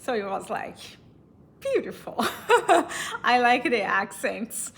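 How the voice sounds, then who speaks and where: Bright-voiced Brazilian woman telling a story. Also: a little high, lively intonation, slow pace, creaky. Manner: chatty, laughs often, many fillers and restarts. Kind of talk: casual storytelling.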